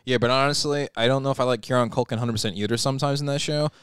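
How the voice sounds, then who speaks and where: Young man, podcast co-host, blunt and quick, crisp dry close sound. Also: mid-range voice, steady tone, fairly bright tone, dry recording. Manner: blunt, opinionated, casual swearing. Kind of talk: casual chat.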